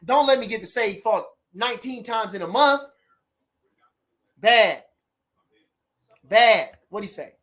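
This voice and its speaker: A middle-aged man hosting a casual livestream, animated and repeating catchphrases as he chats. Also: sits high, a little slow, long pauses. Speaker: livestream host.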